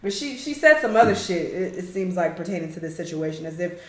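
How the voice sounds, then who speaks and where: A woman's voice: a little high, sing-song, normal speed, few pauses, pushed and bright. A woman, hosting a reaction video and giving her frank, slangy opinion with plenty of swearing. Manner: blunt, frank, swears freely; slangy, with mocking mimicry of others. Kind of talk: casual opinion commentary. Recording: echoey room.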